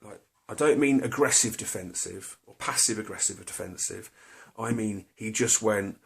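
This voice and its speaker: A man's voice: fairly low pitch, normal speed, creaky, fairly bright tone. A middle-aged man tells a personal story to camera, hesitant and confessional, full of fillers and restarts. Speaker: vlogger.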